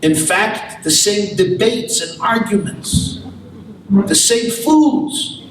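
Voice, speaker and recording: A man's voice: high-pitched, big pitch swings, slow, fairly bright tone, slight background noise. A man giving a lecture as a rabbi, telling a humorous story and acting out the dialogue with rising energy. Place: lecture hall. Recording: roomy hall audio picked up from a distance.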